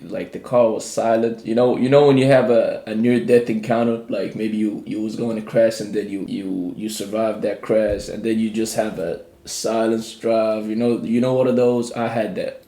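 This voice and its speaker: A man's voice: medium pitch, roomy sound. A young man casually telling a personal story in a rambling, slangy way, acting out the dialogue. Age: young adult. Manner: rambling, slangy, animated retelling with quoted dialogue.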